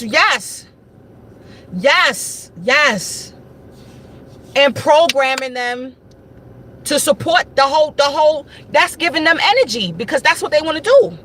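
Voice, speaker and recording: Addressing her audience head-on, this woman hosts a casual spiritual livestream and keeps repeating herself with emphasis. She has a high, fairly bright voice, and there's a slight background noise.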